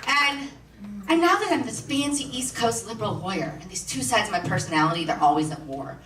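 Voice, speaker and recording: A stand-up comedian from Peoria, Illinois, doing a self-mocking routine that teases the crowd. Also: female voice, on the high side, animated, a little fast, heavy background noise. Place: large theatre stage. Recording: roomy theatre sound from a distance with an audience.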